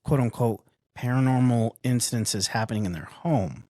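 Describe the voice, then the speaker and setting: A man's voice: medium pitch, moderate pace, warm tone, no room sound, studio quality. A man co-hosting a paranormal podcast in casual chat, often chiming in with short agreements. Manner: affirming, frequent short agreements. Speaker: podcast co-host.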